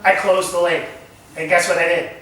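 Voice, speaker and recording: A man teaching a camp nature lesson, animated and asking the group questions. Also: sits high, normal speed. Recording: echoey room recorded from far off.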